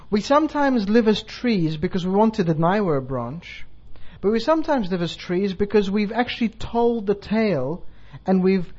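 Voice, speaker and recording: A man's voice: sits high, darkish tone. A man, a bishop, giving a sermon in a chatty, self-deprecating way, telling a joke and laughing along. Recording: dull lo-fi recording.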